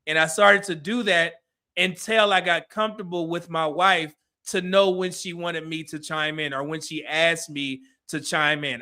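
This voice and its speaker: High-voiced animated man. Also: normal speed. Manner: animated, acts out quoted dialogue. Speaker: host reviewing a dating show. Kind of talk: casual live commentary.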